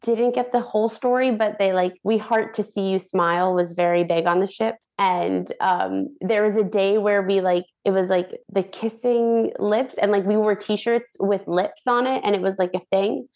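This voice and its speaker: A young woman, a professional dancer and guest on the show, telling stories in a chatty, animated way full of "like". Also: medium pitch, moderate pace, hardly any pauses. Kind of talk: casual storytelling interview.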